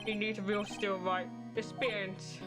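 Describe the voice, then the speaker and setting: A woman's voice: medium pitch, level tone, a little slow, lightly acted. A woman voicing a cold, haughty male prosecutor, curt and dismissive, while reading game dialogue. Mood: scornful. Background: game music.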